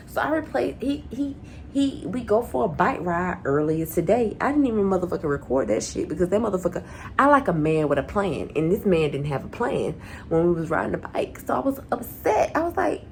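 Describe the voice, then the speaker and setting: A young woman rants through a storytime on her vlog, swearing freely and acting out every line of dialogue she quotes. Her voice has a gravelly fry, with faint noise under the recording. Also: a little high, normal speed. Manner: animated, profanity-laced, acts out quoted dialogue. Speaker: vlogger. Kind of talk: profane storytime rant.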